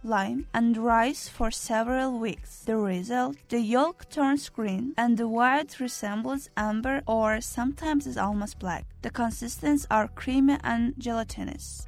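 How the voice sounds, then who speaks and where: A woman hosting a video, reading a scripted list with chatty, playful asides to the viewer. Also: fairly high pitch. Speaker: video host. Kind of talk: scripted narration of a listicle video. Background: background music.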